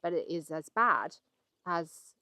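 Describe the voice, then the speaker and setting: An English woman in her young adult years talks through a home vlog in a low, unhurried voice. She circles her points with ums, explaining patiently. The sound is close and dry. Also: lively intonation, sharp tone, dry recording. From England. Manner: chatty, hesitant with many ums, explaining patiently. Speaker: vlogger. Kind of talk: casual chat.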